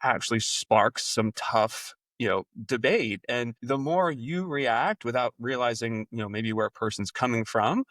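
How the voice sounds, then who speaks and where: A man with a New York accent hosting a podcast, chatting casually and leaning on "you know" as he tells animated stories. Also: medium pitch, measured pace, few pauses, no echo, recorded from a distance. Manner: filler-heavy, animated storytelling with voiced reactions. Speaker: podcast host. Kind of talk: casual interview chat.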